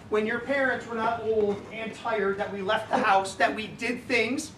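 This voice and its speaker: A man's voice: high-pitched, fairly even intonation, measured pace, a bit bright. A middle-aged man telling a comic personal story at a live reading, wry and self-deprecating, chatting to the crowd. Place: indoor live event venue. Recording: distant, echoey live room with background noise.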